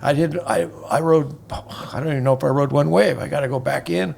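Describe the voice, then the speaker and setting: A man's voice: a little high, steady tone, a little fast, vocal fry, darkish tone. A man in his seventies, a guest in a casual chat, telling rambling stories with many restarts. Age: 70s.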